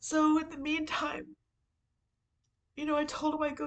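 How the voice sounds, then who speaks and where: A woman hosts her own podcast with a candid, vlog-style personal monologue, rambling and confessional, sprinkled with "you know" and "like" and casual swearing. She has a high, monotone voice, speaks a bit slowly with frequent pauses, and the recording is rough.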